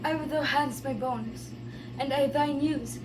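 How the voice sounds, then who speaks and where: A woman's voice: high voice, a little slow, low-quality recording. A woman playing an impatient, pleading young girl. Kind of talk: student stage play. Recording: music behind.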